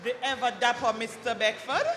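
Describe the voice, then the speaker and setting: A woman with a high voice emcees an awards dinner, calling names and joking with the crowd. Her voice booms through a PA into a banquet hall with long reverb, and loud music plays behind her. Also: brisk. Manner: lively, joking, apologizes for slips. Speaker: awards ceremony host. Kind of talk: announcing award recipients.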